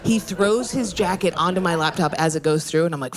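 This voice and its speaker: A woman in her thirties doing a stand-up set, telling a profane story in a brash way and breaking into yelling rants. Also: lowish voice, brisk. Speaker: stand-up comedian. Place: comedy club stage. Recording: live club with loud crowd laughter. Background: audience laughing.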